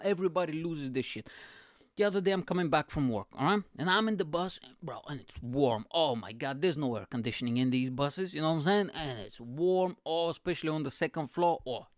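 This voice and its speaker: Host, comic monologue, rambly and foul-mouthed man, slightly high voice, dry close sound. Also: no echo. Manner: rambling, sweary, animated storytelling. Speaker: podcast host. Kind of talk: comedic monologue.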